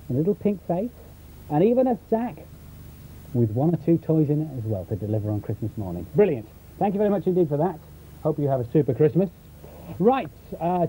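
A man's voice: on the high side, dark tone, rough recording. A young man presenting children's television, a little out of breath, chatty and talking straight to the young viewers. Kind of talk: live continuity presenting. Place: small studio booth. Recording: rough old TV recording with faint hiss.

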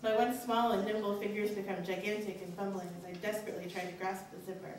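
A young woman tells a true story from a stage, speaking earnestly and frankly, her pitch leaping up whenever she voices her worried thoughts. Her voice sounds distant and bounces around a very reverberant hall. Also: steady tone, quick pace, darkish tone, slight background noise. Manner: earnest, candid, pitch rises sharply on anxious inner questions. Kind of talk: live personal storytelling. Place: college stage at a live showcase. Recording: very echoey hall, voice from far off.

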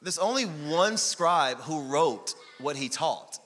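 A man preaching a sermon as pastor, energetic and joking, with bursts of shouting. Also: on the high side, takes it slowly. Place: church sanctuary. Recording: long hall reverb.

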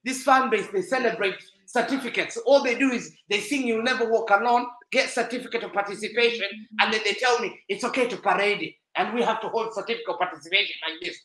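A bright, forceful male voice, animated and mocking as he rants about a rival club and laughs at his own jokes. The room sound is echoey and roomy around him. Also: sits high, fast, few pauses. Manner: animated, teasing, laughing often. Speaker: football podcast panelist. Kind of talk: loud banter-filled casual chat.

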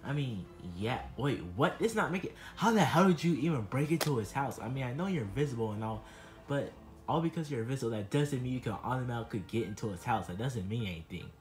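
A man voicing a laid-back male friend who argues back in a quiet, quick, casual way. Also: medium pitch, animated, soft background music, natural voice. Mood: reasoning.

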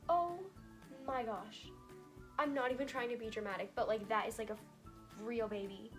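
Excitable woman vlogger, fairly high voice, bubbly unboxing chatter with music behind. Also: moderate pace. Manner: gushing and excitable, filler-heavy. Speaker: doll collector vlogger. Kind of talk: unboxing vlog. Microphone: camera on a tall tripod. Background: background music.

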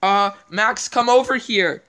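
A woman's voice: medium pitch, measured pace, fairly bright tone. A woman hosting a gameplay video, thinking aloud in casual, rambling commentary as she plays.

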